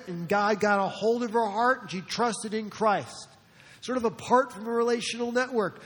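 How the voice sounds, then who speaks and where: A man from New Jersey preaches with a high, light voice, chatting his way through the sermon and slipping in jokes. The sound carries a long reverb from the sanctuary. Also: a bit bright. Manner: conversational, joking asides, acts out quotes. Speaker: pastor.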